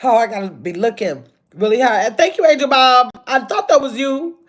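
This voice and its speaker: A woman's voice: on the high side, a little fast. Chatty grandmother hosting a livestream. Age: older. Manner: chatty, talks to viewers as y'all. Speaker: livestream host. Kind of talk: casual livestream chat reading comments. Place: hotel room.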